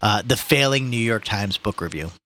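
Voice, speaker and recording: A man chatting casually with friends and reading a novel aloud, animated and jokey. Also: on the low side, moderate pace. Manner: animated, jokey, breaks into laughter. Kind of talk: casual chat and book reading.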